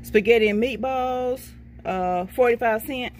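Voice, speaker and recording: A woman's voice: on the high side, measured pace, darkish tone, slight background noise. A middle-aged woman, chatting casually through her shopping haul and reading each price off a receipt. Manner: chatty, folksy, says "okay, baby" to herself. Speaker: vlogger showing a shopping haul.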